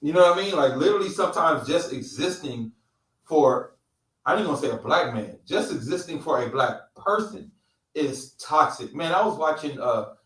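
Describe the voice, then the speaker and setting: A man's voice: a little high, expressive, moderate pace, fairly bright tone. A middle-aged man from California co-hosting a casual roundtable and talking bluntly with plenty of profanity. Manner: blunt, profane, emphatic storytelling. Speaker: podcast co-host. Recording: roomy, distant mic.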